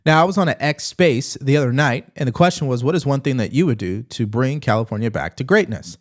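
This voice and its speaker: Guy doing political commentary, blunt, mid-pitched voice, reads comments out. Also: lively intonation, brisk. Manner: blunt, reacts to clips and reads viewer comments. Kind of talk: opinionated news commentary.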